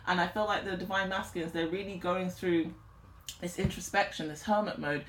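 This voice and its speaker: A woman's voice: lowish voice, fairly even intonation, brisk, echoey room, a little hiss or hum. A woman giving a channelled tarot reading, speaking earnestly and close to tears. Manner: earnest, emotional, on the verge of tears. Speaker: tarot reader.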